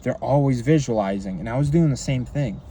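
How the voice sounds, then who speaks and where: A young man talking straight to camera in a casual monologue, excited and rambling, with lots of fillers and frequent swearing. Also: mid-range voice, fairly quick, slight background noise. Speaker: vlogger and coach.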